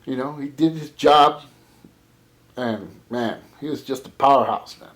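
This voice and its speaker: A man's voice: medium pitch, measured pace, fairly bright tone. A man casually showing off a haul of collectibles, enthusiastic and rambling, repeating how awesome things are. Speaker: comic and card collector vlogger. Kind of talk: casual haul show-and-tell.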